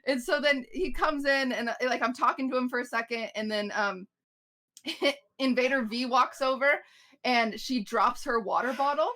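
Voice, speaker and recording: A woman telling a party story in casual chat, lively and swearing as she acts out what people said. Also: high-pitched, normal speed. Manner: animated storytelling, swearing, acted-out quotes. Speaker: podcast guest telling a story.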